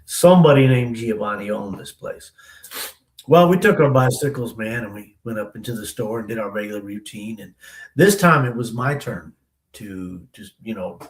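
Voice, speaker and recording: Gravelly man telling stories casually. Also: lowish voice, normal speed, echoey room, poor audio. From Denver area, USA. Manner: loose, slangy, often says "man" and "you know". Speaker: interview guest. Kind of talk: casual storytelling in an interview.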